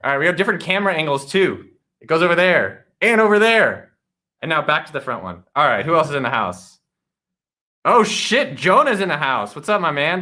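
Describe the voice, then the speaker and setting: A man's voice: on the high side, sharp tone. A man hosting a casual live office-hours stream, energetically greeting viewers by name and joking around. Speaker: livestream host. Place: home studio in a guest room.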